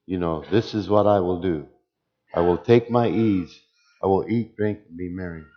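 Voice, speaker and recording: A man who is a church deacon giving a personal testimony, speaking slowly and deliberately. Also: lowish voice, highs cut off. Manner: slow, deliberate speech.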